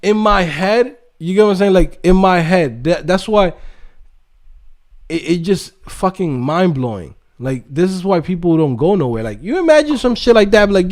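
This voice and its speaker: A man's voice: sits high, big pitch swings, normal speed. A man hosting a livestream, ranting profanely in casual talk about his coding courses and refund requests.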